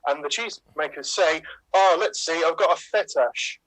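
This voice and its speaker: A man's voice: a little high, normal speed, fairly bright tone, rough recording. A man, an improv player, telling long, rambling pun jokes with self-aware asides.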